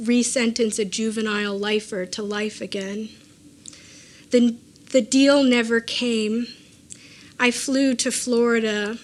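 Woman author, somewhat high voice, reading her own memoir live: measured and deliberate, with dry asides. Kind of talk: live reading of a personal essay.

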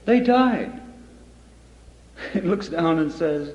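A man reading poetry with slow, rambling asides and self-interrupting jokes, his voice at a middle pitch. He is heard from far off in a long-echoing hall. The old recording is dull and lo-fi with a faint hiss underneath. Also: animated, a little mellow. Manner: rambling, joking, digressive, stumbling restarts. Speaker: poet giving a reading.

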